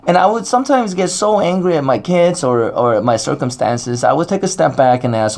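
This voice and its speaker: A man's voice: high voice, sing-song, a little fast, hardly any pauses, a little mellow. A middle-aged man giving a casual, rambling talk on scripture at a faith gathering, with many fillers and restarts.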